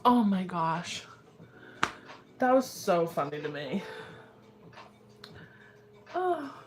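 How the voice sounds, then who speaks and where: Young woman livestream host, giggly and squealy, slow easy delivery over faint music. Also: fairly low pitch, sing-song. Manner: giggly, laughs constantly, squealing reactions. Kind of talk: casual livestream chat.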